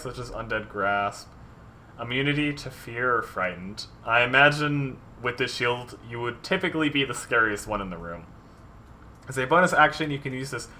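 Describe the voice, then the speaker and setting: A lowish, pushed, bright male voice comes through with a little hiss or hum. He's a dungeon master streamer designing tabletop monsters, chatting loosely, filling gaps with ums and reading viewer suggestions aloud.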